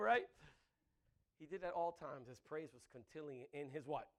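A man preaching a sermon, animated and laughing between phrases, often asking the congregation "Amen?". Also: fairly high pitch, moderate pace. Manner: breaks into laughter mid-sentence.

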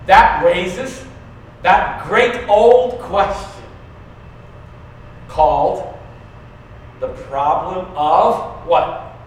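A man preaching a conversational sermon, going from quiet to loud, asking the congregation questions and laughing often. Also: high voice, extremely slow, long pauses, slight background noise. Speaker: pastor. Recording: very echoey room, mic at a distance.

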